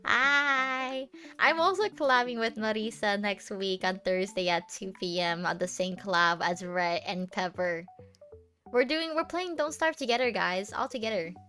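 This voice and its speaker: A woman's voice: medium pitch, moderate pace, fairly bright tone, faint music behind. A young woman streamer chatting casually with her viewers, playful and teasing, giggling often and rambling with lots of fillers.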